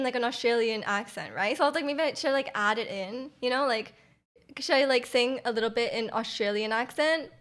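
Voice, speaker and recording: A woman's voice: sits high, a bit bright. A young woman livestreamer in casual chat with her viewers, rambling with lots of fillers and giggles.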